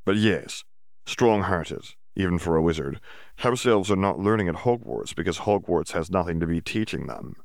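A man's voice: low voice, animated, moderate pace, vocal fry, no room sound, studio quality. A man voicing a humble, earnest male house elf who speaks of himself in the third person with odd grammar.

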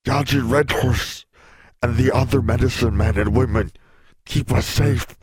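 A man's voice: mid-range voice, measured pace, darkish tone, husky, no echo, clean studio sound, voice pushed up. A man reading aloud, voicing a sweating man in agony who forces out his words while panting. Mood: pained, panting. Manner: panting, strained. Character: sweating man in pain, turning beast.

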